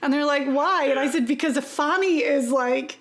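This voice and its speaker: A woman's voice: high-pitched, moderate pace. A Scottish woman from Scotland co-hosting a casual chat, teasing and laughing often. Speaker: co-host.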